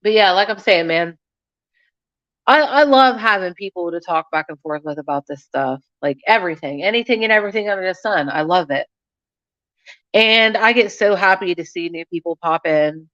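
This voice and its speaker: A young adult woman hosts a casual live chat for her YouTube viewers, speaking frankly and in a scattered way while laughing often. Her voice is fairly low and fairly bright, at a moderate pace. The recording has a dull lo-fi sound.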